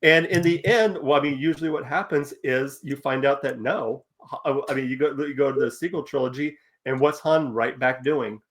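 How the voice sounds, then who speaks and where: A man's voice: medium pitch, fairly even intonation, moderate pace. A man co-hosting a casual podcast discussion, hesitant and searching for words as he talks. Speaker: podcast co-host.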